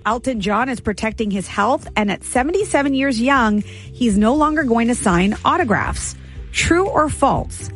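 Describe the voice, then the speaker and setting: A female radio co-host reads trivia questions and chats in a brisk way, laughing often. Her voice sits fairly high. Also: expressive, soft background music.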